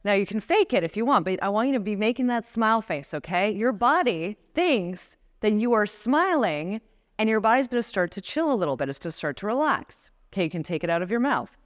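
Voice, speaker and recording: A woman's voice: medium pitch, very animated, fairly quick. A woman in her forties giving a motivational talk at a conference, guiding the audience through breathing exercises and speaking directly to them. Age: 40s. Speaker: guest speaker. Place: conference room before a seated audience.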